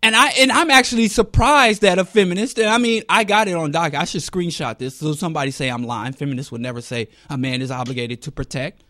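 Man, middle-aged; animated solo commentary with a high-ish voice, recorded close and dry. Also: quick pace, few pauses, no room sound. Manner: animated, swings between loud and muttered. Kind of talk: casual monologue.

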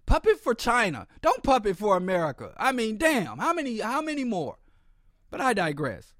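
A man's voice: high-pitched, wildly swooping pitch, normal speed, a bit bright, no room sound, clean studio sound. A man hosting a podcast, delivering a blunt, sardonic political commentary monologue and often stumbling and repeating words. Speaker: podcast host.

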